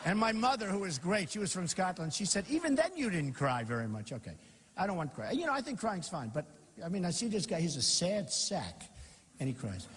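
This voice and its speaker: Rambling man booming through a hall. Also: very animated, a little fast, a bit bright, slight background noise. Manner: rambling, repetitive, boastful and mocking. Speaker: political candidate. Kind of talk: off-the-cuff campaign rally speech. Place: large rally venue with a crowd. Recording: long hall reverb.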